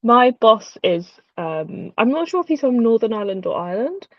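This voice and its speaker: A woman's voice: fairly high pitch, big pitch swings, normal speed, no room sound, muffled recording. A British woman hosting a casual livestream chat, rambling and chatty with frequent ums. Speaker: host.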